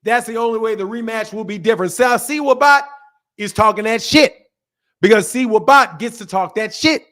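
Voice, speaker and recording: A man hosting a boxing channel stream, giving heated, mocking commentary with drawn-out emphasis. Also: sits high, pushed and bright.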